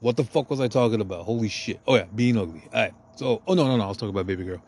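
A man's voice: fairly low pitch, racing, darkish tone. A man talking in a profane, meandering, self-deprecating monologue as a podcast host. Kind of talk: rambling confessional monologue.

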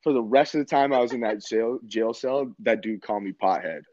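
This medium-pitched, darkish voice belongs to a Canadian man in his twenties telling a casual story fairly quickly, loaded with swearing and filler words. There's no room sound, and the dry recording is dull and slightly muffled.

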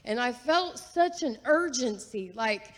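A woman sharing a personal testimony in a church, talking earnestly and chattily with fillers and soft laughs. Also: on the high side, lively intonation, takes it slowly. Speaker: guest giving testimony. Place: church sanctuary. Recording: long reverb of a large hall.

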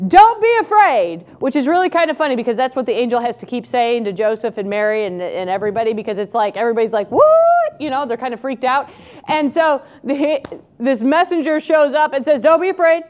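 A woman reading scripture and then preaching in a conversational way, often asking the listener rhetorical questions. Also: fairly high pitch. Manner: conversational, asks rhetorical questions, animated when quoting. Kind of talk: scripture reading and reflective sermon.

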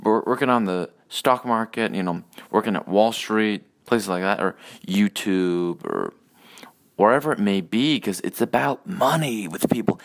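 A man's voice: lowish voice, unhurried, vocal fry. A man hosting a casual solo rant podcast, rambling and profane with many hesitations. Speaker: podcast host.

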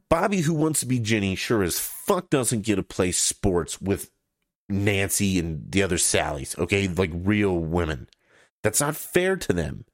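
With a lowish voice in an echo-free, studio-quality recording, a man goes on an opinionated rant on his own podcast. He's blunt and profane, mocking opponents and laughing at his own jokes.

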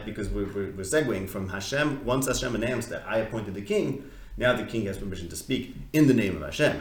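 Guy teaching a study class, asks lots of questions, restarts a lot, echoey room. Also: on the low side. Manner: conversational, questioning, full of restarts and fillers. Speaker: Torah teacher. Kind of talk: casual text study class.

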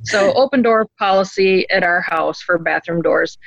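A woman guest telling a personal story in an earnest, animated way. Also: on the low side, moderate pace, gravelly, dry recording. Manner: earnest, animated storyteller who acts out quotes. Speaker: interview guest. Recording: dull, dry lo-fi recording.

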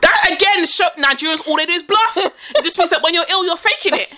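A young woman chatting casually with a co-host, her voice high and bright. She is animated, laughs often and acts out her relatives' lines. A faint hiss sits under the recording. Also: fast talker. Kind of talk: casual chat.

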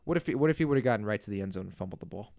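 Animated man ranting on a podcast. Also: fairly low pitch, rapid-fire, vocal fry, no room sound, studio quality. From Kansas. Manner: animated, exasperated ranting with frequent asides. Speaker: podcast host. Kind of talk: casual solo podcast rant.

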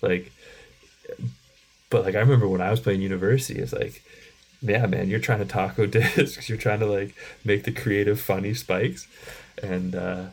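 Brief: man, 30s, podcast co-host, low gravelly voice, relaxed rambling talk with lots of fillers. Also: normal speed. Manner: relaxed, rambling, many fillers like "like" and "you know". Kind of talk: casual chat.

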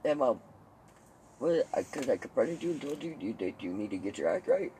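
A man hosting a podcast, chatting casually and telling animated stories with swearing, laughter and mimicked voices. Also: mid-range voice, brisk, slight background noise, rough recording. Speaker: podcast host. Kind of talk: casual chat.

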